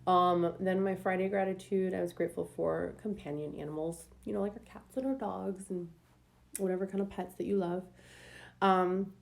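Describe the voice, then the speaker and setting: Low gravelly-voiced woman chatting casually. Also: fairly even intonation, normal speed. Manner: chatty, rambling, many ums and likes. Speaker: planner vlogger. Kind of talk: casual planner decorating voice-over.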